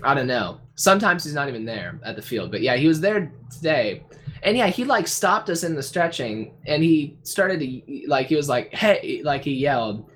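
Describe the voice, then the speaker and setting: A young man chats on a podcast, telling a story in a rambling way and stopping often to restart. His voice sits a little high. A faint hiss runs underneath. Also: sing-song, moderate pace, fairly bright tone. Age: young adult. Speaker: podcast co-host. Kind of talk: casual chat.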